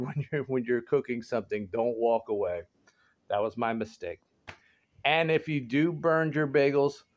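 Man, 40s, home vlogger; rambling, giggly, voice leaps high when excited, very lively pitch. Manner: rambling, animated, laughs often, jumps into high excited exclamations. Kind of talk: casual chat to camera. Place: home garage.

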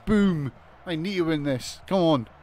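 A man commentating on a wrestling video game as he plays, excitable, swearing and shouting in disbelief. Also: fairly high pitch, moderate pace. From United Kingdom. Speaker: gaming commentator.

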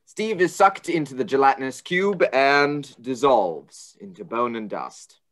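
A young man playing a goofy teenage boy running a game as dungeon master, excitable and exaggerated. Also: mid-range voice, a little slow. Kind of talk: stage play acting.

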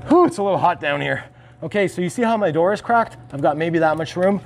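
A man's voice: high voice, expressive, fast, gravelly, a little hiss or hum. A man hosting a barbecue tutorial outdoors beside his smoker, coaching viewers in a confident, direct way. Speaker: barbecue channel host. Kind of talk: hands-on cooking tutorial.

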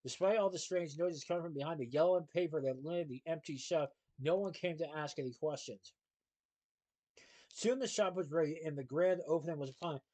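A man reading a children's novel aloud, expressive and shifting into character voices. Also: fairly high pitch, fairly quick, low-quality recording. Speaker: storybook reader.

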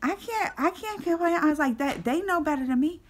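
A woman vlogger telling a story with lively energy, swinging between excited shouts and whispered asides and acting out her own lines in quotes. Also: very high voice, brisk, slight background noise. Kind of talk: animated reaction storytelling.

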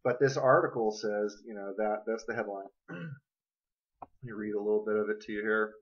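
A man's voice: lowish voice, normal speed, lo-fi sound. A man ranting angrily in a political vlog, cursing and confronting his viewers directly. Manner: angry, profane, confrontational, addresses viewers directly. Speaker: vlogger.

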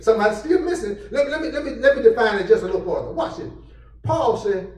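A man preaching a sermon as pastor, building into shouted exclamations and call-outs to his congregation. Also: extremely high pitch, big pitch swings, fairly quick. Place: church sanctuary. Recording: echoey church room, mic from a distance.

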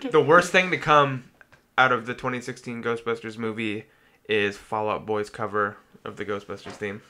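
A man's voice: fairly low pitch, fairly even intonation, normal speed, bright, forceful tone, slight background noise. A man in casual podcast chat, giving blunt, opinionated quips. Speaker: podcast co-host.

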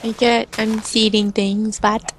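A woman's voice: a little high, flat delivery, slow, slight background noise. A woman co-playing a game, chatting in an easygoing, playful way over a voice-call mic. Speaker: co-player. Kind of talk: casual gaming chat.

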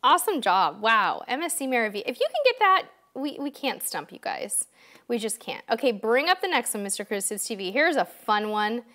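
A woman's voice: on the high side, sing-song, moderate pace, pushed and bright. A woman hosting a live-stream quiz, chatting upbeat and directly to her viewers, a bit tired. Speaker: livestream host. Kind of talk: casual live-stream chat.

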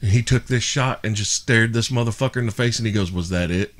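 A man hosting a podcast and telling stories in casual chat, animated and full of swearing. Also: mid-range voice, fast. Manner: profane, animated storyteller. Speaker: podcast host.

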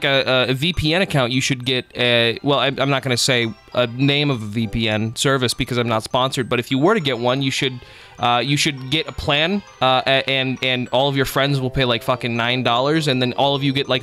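A man's voice: mid-range voice, sharp tone. A man streaming live gameplay, chatting casually in a rambling, profane, jokey way and thanking viewers.

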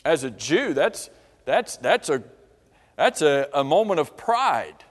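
A man preaching a sermon to a congregation, pausing often to ask them questions. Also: a little high, very animated. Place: church auditorium. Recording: long reverb of a church hall.

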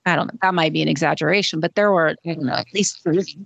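Woman, podcast co-host, chatty, hesitant, lowish voice, dry close sound. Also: quick pace, gravelly, no echo. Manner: hesitant, chatty, many fillers. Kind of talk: casual podcast chat.

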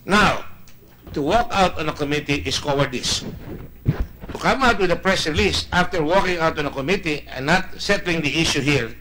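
A man's voice: a little high, moderate pace, pushed and bright, slight background noise, low-quality recording. A man with a Filipino accent chairing a Senate hearing, giving an indignant, emphatic statement in a mix of Tagalog and English.

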